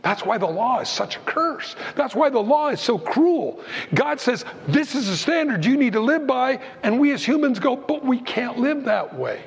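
A man preaching a sermon as pastor, animated, acting out the voices of Bible figures as he goes. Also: extremely high pitch, moderate pace, gravelly. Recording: long hall reverb.

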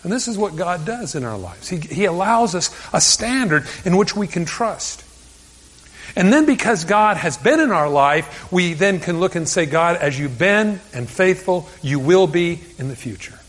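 High-voiced man preaching in a reverberant hall. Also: animated, moderate pace. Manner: earnest, conversational preaching with stammered restarts. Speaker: pastor. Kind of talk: sermon.

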